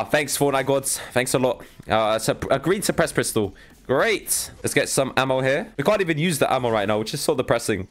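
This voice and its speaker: A young man giving excitable live commentary on his own video game play, talking to his viewers and breaking into exasperated outbursts. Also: mid-range voice, fairly quick, soft background music. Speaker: gaming YouTuber.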